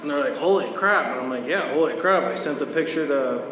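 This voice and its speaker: A man's voice: a little high, a little fast. A man roasting a friend at a birthday party, teasing crudely and laughing at his own jokes. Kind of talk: stand-up roast. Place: large echoing hall at a live party. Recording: echoey hall recording with background noise.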